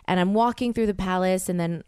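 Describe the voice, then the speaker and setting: Podcast host, woman in her 30s, rambling and animated, smooth voice, dry close mic. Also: on the low side, fairly quick, no room sound. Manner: rambling, animated storytelling with quoted asides. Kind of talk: solo storytelling podcast.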